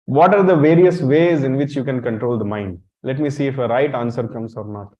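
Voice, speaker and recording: A man's voice: mid-range voice, brisk, a little mellow. A man giving a temple lecture, blunt and teasing, quizzing his audience and calling on listeners directly. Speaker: monk lecturer. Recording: dull lo-fi recording.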